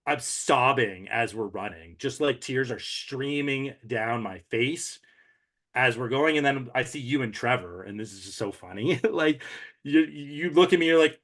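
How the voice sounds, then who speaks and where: A man's voice: mid-range voice, animated, moderate pace, fairly bright tone. A man earnestly and emotionally recounting a breakthrough moment during an ultramarathon, in a reflective, conversational way. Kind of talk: casual conversational recap.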